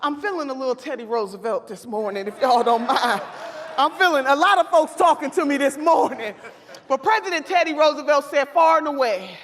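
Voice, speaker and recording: A woman's voice: on the high side, fairly quick, fairly bright tone. Woman, political speech, fiery preacher-style cadence, podium mic, echoing convention hall. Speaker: convention speaker. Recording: long hall reverb.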